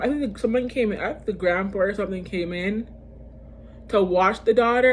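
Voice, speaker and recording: A woman vlogger telling a personal story in a casual storytime video, animated and slangy, often calling out to her viewers and restarting her sentences. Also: mid-range voice, a little hiss or hum. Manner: fast bursts with frequent fillers and restarts.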